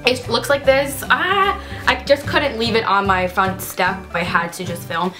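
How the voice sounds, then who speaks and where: A woman's voice: medium pitch, lively intonation, moderate pace, bright, forceful tone, faint music behind. A young woman vlogging casually at home, bubbly and gushing, squealing with delight as she talks. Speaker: beauty vlogger. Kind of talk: casual unboxing vlog.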